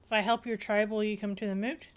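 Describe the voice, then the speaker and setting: A woman's voice: mid-range voice, level tone, quick pace. A woman streaming a game, muttering to herself and reading her dialogue choices aloud. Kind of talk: casual live game play with spoken choices.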